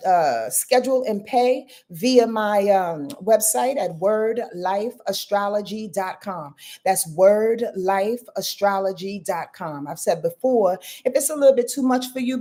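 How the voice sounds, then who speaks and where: A woman's voice: mid-range voice, dark tone. A woman, an astrologer chatting casually to her livestream viewers, with lots of fillers and direct address. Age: 50s. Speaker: astrologer and host.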